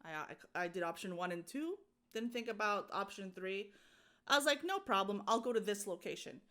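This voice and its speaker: A woman's voice: medium pitch, normal speed. A young adult woman co-hosting a podcast, telling a story in casual chat, acting out the people she quotes and laughing often. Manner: animated, acts out quoted voices, laughs often. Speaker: podcast co-host.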